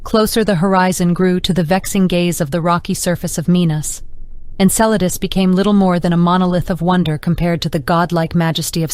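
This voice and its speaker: Dry, low-voiced woman narrating. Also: clean tone, no echo. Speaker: audiobook narrator. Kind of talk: scripted narration.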